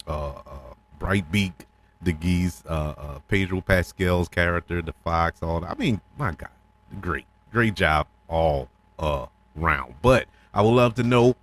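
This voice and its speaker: A middle-aged man with a somewhat low voice talks through a film review on his podcast. He is eager and heartfelt, says things twice for emphasis, and laughs between thoughts. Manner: enthusiastic, repeats himself, animated with laughs. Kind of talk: casual spoken film review.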